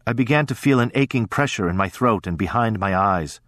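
A man's voice: fairly low pitch, no echo. Man narrating a story, very dry sound. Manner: measured, even storytelling. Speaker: audiobook narrator. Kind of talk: scripted narration.

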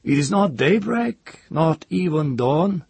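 Storybook role: demanding chief , put on by the narrator, slow and insistent, raspy. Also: male voice, fairly high pitch, big pitch swings, a little mellow, no room sound, pitched above the performer's own voice, heavily acted. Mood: commanding. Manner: commanding, then uncertain. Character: puzzled island chief, man.

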